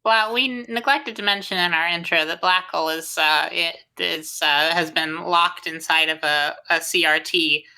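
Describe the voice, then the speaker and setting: A woman co-hosting a podcast in casual chat, playful and quick to giggle. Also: fairly low pitch, steady tone, sharp tone, clear, resonant tone. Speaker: podcast co-host.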